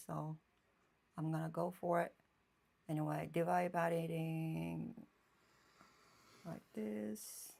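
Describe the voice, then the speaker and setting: A woman painter chatting casually on a live stream from her home painting room, thinking aloud in halting phrases and often checking in with her viewers. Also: fairly low pitch, vocal fry. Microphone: phone streaming live.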